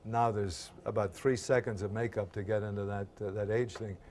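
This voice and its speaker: A man in his eighties, an actor being interviewed, telling stories from his old series in a lively, halting way with many fillers. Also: on the low side, a little hiss or hum. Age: 80s. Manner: animated storyteller, acts out quoted voices. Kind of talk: reminiscing interview anecdotes.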